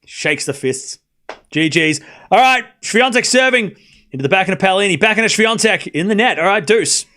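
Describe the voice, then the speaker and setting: Man, young adult, high-pitched, live tennis commentary, excitable, desk mic. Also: normal speed. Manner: excitable, swings from quiet mutter to shouting. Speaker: tennis watchalong streamer. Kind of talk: live play-by-play commentary to chat.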